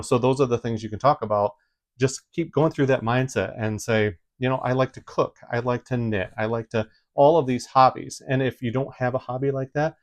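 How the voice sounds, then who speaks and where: A man with a Midwestern accent giving casual advice to camera from home, rambling with many fillers and restarts. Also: mid-range voice. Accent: Midwestern American. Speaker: YouTube creator giving tips.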